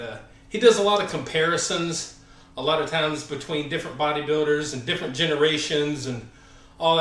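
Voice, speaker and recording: A man in his forties with a Southern American accent, chatting casually on a fitness live stream between workout sets, rambling with lots of fillers and sounding a bit winded. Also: on the high side. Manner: rambling, filler-heavy, friendly shout-outs. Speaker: fitness channel host. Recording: echoey room, voice far from the mic.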